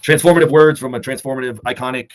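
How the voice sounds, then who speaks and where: A man co-hosting a fitness talk, delivering earnest, measured motivational advice and holding back emotion. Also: medium pitch, fairly even intonation. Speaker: co-host of a fitness summit talk.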